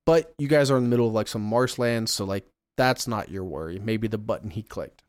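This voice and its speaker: A man's voice: fairly low pitch, brisk, dry recording. A man running a tabletop game as game master, describing scenes and calling for rolls. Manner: descriptive, relaxed, rolls of dice.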